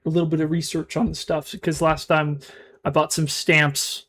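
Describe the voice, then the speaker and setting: Male streamer, casual live chat, slightly higher voice, mumbly and rambling, lots of restarts. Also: moderate pace. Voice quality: mumbled, self-described monotone.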